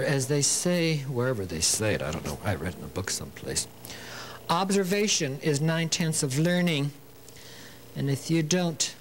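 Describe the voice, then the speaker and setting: A man's voice: fairly high pitch, a little hiss or hum, low-quality recording. A man hosting a TV sewing demonstration. He chats as he works, tells corny jokes, laughs at them, and coaxes the fabric and thread along. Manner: coaxing, talks to the fabric and the thread. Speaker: sewing show host.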